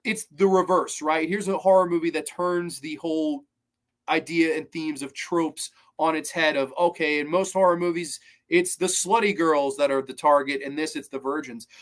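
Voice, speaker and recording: A young man in his twenties talks through a film review in a loose, casual way. He sounds enthusiastic and swears freely. His voice sits a little higher than most men's. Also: fairly even intonation, normal speed, a bit bright. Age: 20s. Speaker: movie reviewer.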